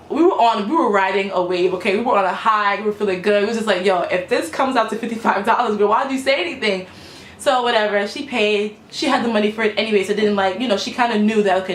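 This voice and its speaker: A young woman chats through a story time straight to her camera, filling her sentences with "like" and "you know". Her voice sits at an ordinary pitch for a woman. The room is echoey, with a faint hum behind her. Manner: animated, lots of "like" and "you know". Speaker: vlogger telling a story time. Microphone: camera mic.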